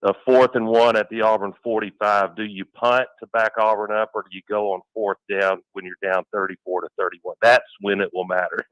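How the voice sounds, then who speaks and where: A man's voice: lowish voice, little pitch movement, fairly quick, fairly bright tone, no room sound, rough recording. A man co-hosting sports radio in casual talk, analytical and fond of building vivid game scenarios.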